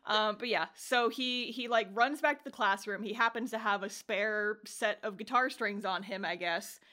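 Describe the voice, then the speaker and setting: Bright, lively woman recapping an anime. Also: medium pitch, moderate pace. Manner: laughs often, swears, acts out character lines. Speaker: podcast co-host. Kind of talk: casual chat recapping an anime.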